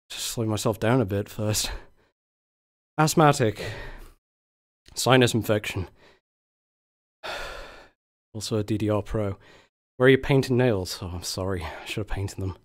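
A young man with a slightly low voice, winded and tired after exertion. He chats loosely on a live stream, sighing and catching his breath between words. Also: slow pace, long pauses. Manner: breathless, sighing, grateful and laughing. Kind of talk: casual live-stream chat.

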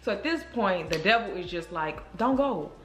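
A woman vlogger telling a story to her viewers in a chatty, animated way, speaking straight to the camera. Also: on the low side, fairly quick. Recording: roomy echo.

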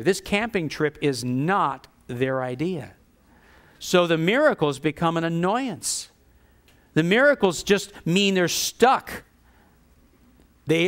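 A man delivers a sermon with a smooth, resonant voice that sits a little high for a man. He is animated, and he slips into mocking voices when he quotes complainers. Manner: animated, acts out grumbling voices with scorn. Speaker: preacher.

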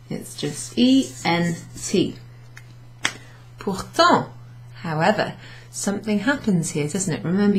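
A woman teaching a beginners' French class, explaining slowly and patiently with many ums and repeated French words. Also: medium pitch, darkish tone, a little hiss or hum, rough recording. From United Kingdom. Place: pub function room, recorded lesson.

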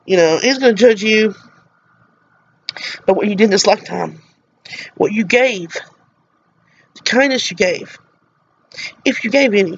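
A woman's voice: mid-range voice, unhurried, pauses often, husky, lo-fi sound. A middle-aged woman from Mississippi with a Southern American accent, speaking an earnest, emotional monologue to camera in a preachy soapbox manner. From Mississippi, USA. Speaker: vlogger.

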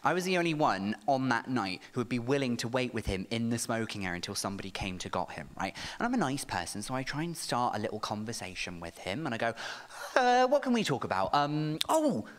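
A man performing a camp, animated stand-up set on a comedy club stage. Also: mid-range voice, fast, few pauses. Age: 30s. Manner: camp, animated storytelling with sharp asides.

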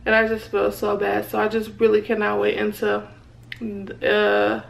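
A woman's voice: medium pitch, monotone, a little slow, gravelly. A young woman, talking casually to her viewers in a vlog. She sounds out of breath and keeps calling her viewers "y'all.". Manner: chatty, repeatedly addressing viewers as "y'all". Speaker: vlogger.

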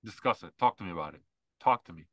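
A man's voice: deep voice, animated, fast, a bit bright, no room sound. A man co-hosting a podcast, ranting in casual, mocking chat with lots of fillers. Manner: ranting, mocking, mimics others. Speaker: podcast co-host.

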